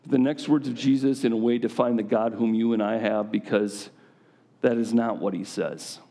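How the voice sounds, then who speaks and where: A man delivers a sermon to a gathering of men, his voice sitting at an ordinary mid pitch. He talks conversationally, drawing his listeners in with frequent direct questions. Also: steady tone, moderate pace, dark tone. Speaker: preacher.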